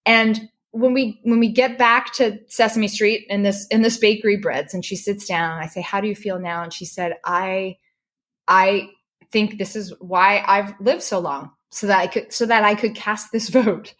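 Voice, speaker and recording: Middle-aged woman, emotional storyteller, animated, mid pitch, restarts a lot. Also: moderate pace. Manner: animated, restarts when moved. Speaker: podcast guest, correspondent.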